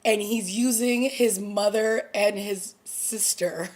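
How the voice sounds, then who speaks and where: A woman talks to her viewers in a casual review vlog, pitched in an ordinary middle range. She gushes with a breathless edge and trips over restarts. She retells each scene in animated detail. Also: slow. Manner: gushing and breathless, stumbling restarts. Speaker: TV episode reviewer.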